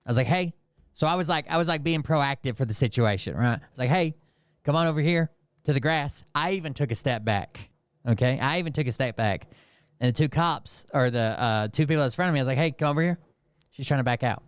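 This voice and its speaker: Man, smooth resonant voice, dry close sound, rambling profane storyteller. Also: mid-range voice, lively intonation, fast talker, no echo. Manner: profane, rambling, heated retelling full of fillers. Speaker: channel host. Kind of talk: casual storytelling.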